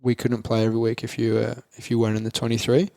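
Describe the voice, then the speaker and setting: A man's voice: medium pitch, completely flat delivery, fast, creaky, darkish tone, no echo, clean studio sound. A man in his twenties with an Australian accent, a guest in an interview, talking in a rambling casual way full of fillers and restarts.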